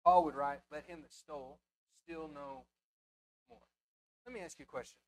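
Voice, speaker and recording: A man preaching in a church before a live congregation. He drops to near-whispers, then surges loudly on key words, and keeps asking the congregation rhetorical questions. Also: a little high, normal speed. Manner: impassioned, swinging from hushed asides to loud emphasis. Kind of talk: sermon.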